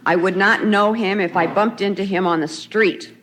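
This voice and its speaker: A woman's voice: mid-range voice, steady tone, normal speed, fairly bright tone. A middle-aged woman sharing her recovery story at a retreat, telling it in a loose conversational way with frequent laughs. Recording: faint noisy 1990s tape recording.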